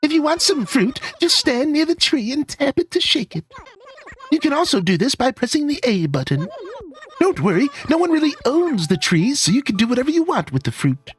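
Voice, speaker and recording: A man's voice: extremely high pitch, very animated, moderate pace, voice pushed up. A man voicing a friendly female cat villager from a video game, in a sing-song, cheerful advice-giving way. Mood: chirpy. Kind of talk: reading game dialogue aloud.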